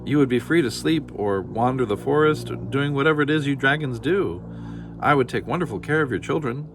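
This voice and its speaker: A man's voice: mid-range voice, lively intonation, brisk, over music, pitched above the performer's own voice, lightly acted. A meek, frightened old nanny, as a man puts her on, stammering and fretful. Her voice sits well above his own, thin and anxious, like a storybook grandmother. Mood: pleading. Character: timid old woman, a fired royal nanny, meek and stammering.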